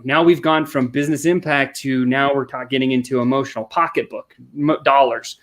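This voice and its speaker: Fast-talking man coaching on sales. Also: mid-range voice. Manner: energetic, acts out customer quotes, many restarts. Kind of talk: podcast conversation.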